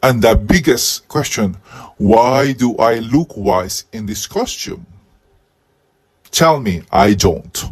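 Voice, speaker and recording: Man, comic reviewer, husky costume head, slow delivery, lively pitch. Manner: deadpan jokes with sudden outbursts; speaking while wearing a husky head costume. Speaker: comedic movie reviewer.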